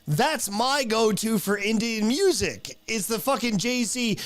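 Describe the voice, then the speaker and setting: A man's voice: sits high, expressive, slow, fairly bright tone. A young adult man, a podcast host and stand-up comic, chatting casually and profanely, rambling with restarts. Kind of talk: casual chat.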